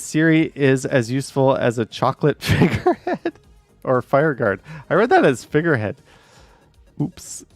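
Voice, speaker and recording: A man's voice: medium pitch, no echo. A man live streaming, chatting casually with viewers, rambling and swearing at voice assistants when annoyed.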